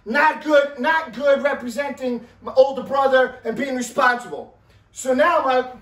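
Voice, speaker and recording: A man telling a story in a casual, animated way, with loud bursts and a habit of asking "right?". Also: extremely high pitch, normal speed. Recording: roomy, mic at a distance.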